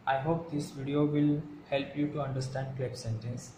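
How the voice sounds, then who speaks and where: A man teaching an English grammar lesson to viewers, explaining slowly and carefully, often repeating and rephrasing his points. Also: medium pitch, flat delivery. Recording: echoey room with faint background hum.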